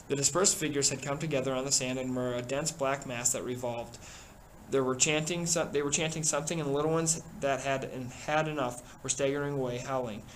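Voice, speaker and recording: A man reading a novel aloud in steady, measured narration. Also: mid-range voice, slight background noise, poor audio. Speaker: reader.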